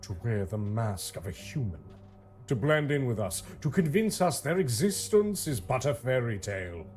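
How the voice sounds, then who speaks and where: A man's voice: mid-range voice, sing-song, normal speed, a little mellow, soft background music, close to an everyday voice. A text-to-speech man voice playing a secretive older vampire hunter who lectures in a formal, solemn way. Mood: grave. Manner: portentous, lecturing delivery. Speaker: father-in-law figure.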